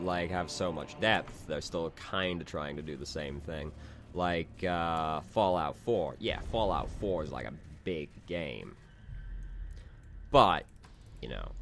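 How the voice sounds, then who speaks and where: A man's voice: low-pitched, fairly bright tone, a little hiss or hum. A man hosting a let's play, chatting casually and rambling, with frequent restarts and swearing, close to the mic. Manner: rambling, self-interrupting, casually profane. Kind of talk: casual gameplay commentary. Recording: game music playing underneath.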